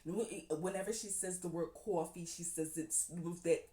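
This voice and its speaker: A woman talking casually about books she has read, chatty and quick to giggle, calling her listeners "honey.". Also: on the low side, steady tone, mellow. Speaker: book reviewer. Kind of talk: casual chat. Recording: roomy echo.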